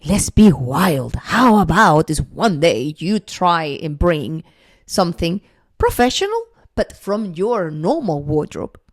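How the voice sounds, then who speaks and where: A woman guest on a podcast interview, talking in an earnest, encouraging way, often pausing with "um" as she thinks. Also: lowish voice, big pitch swings. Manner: earnest and encouraging, with frequent "um" pauses.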